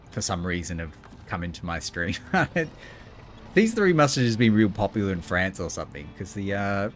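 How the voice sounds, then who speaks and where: A man's voice: deep voice, slight background noise. A man, joking and rambling casually while he streams a game. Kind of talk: casual gaming commentary.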